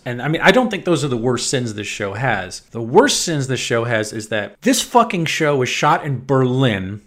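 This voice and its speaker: A man's voice: mid-range voice, a bit bright. An American man co-hosting a podcast as a critic, giving blunt, opinionated takes and swearing freely in casual chat.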